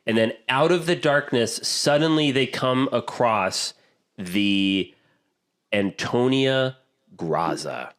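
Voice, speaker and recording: A man hosting a podcast in casual chat, telling a film's plot in a lively, animated way with quick asides. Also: mid-range voice. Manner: animated storytelling, quick asides, acts out quotes. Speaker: podcast host.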